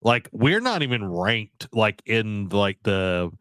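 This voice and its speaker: A man's voice: lowish voice, sing-song, takes it slowly, fairly bright tone, clean tone, no room sound, clean studio sound. A man co-hosting a podcast, chatting casually about video games and rambling with many fillers and restarts. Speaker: podcast co-host.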